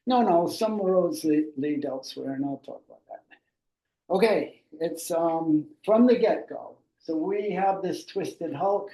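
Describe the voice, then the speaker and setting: An older man talks his way through a slide presentation on boat building in a slow, rambling, conversational way, full of fillers and restarts. His voice is mellow and a little high. He sounds far from the mic in an echoey room.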